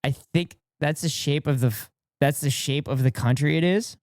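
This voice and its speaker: A man streaming live, giving casual reaction commentary to his chat in an excitable way, repeating phrases and laughing often. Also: fairly high pitch, moderate pace, no room sound, clean studio sound.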